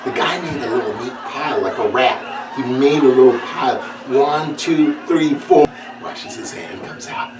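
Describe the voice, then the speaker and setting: A man doing stand-up comedy, telling a story, laughing as he goes and putting on high voices. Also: a little slow. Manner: laughs through his own story, acts out characters in high voices. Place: stage with audience. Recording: roomy, distant mic, noisy.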